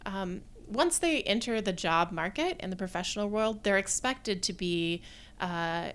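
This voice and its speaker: A woman professor speaking as a guest in a podcast interview, talking in a thoughtful, measured way with frequent pauses to gather her thoughts. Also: medium pitch, expressive, a bit bright, clear, resonant tone. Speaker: guest, theatre design professor.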